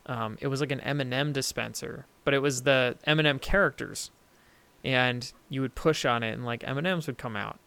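A man's voice: mid-range voice, a little fast, creaky, bright, forceful tone, clear, resonant tone. A young man co-hosting a casual podcast chat, rambling and self-interrupting, laughing easily. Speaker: podcast co-host.

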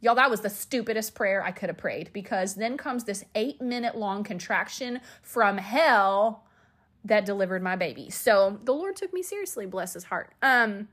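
A woman hosting a podcast, telling a personal story in a candid, chatty way with asides, and acting out quoted lines with sudden high shouts. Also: expressive, normal speed. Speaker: podcast host.

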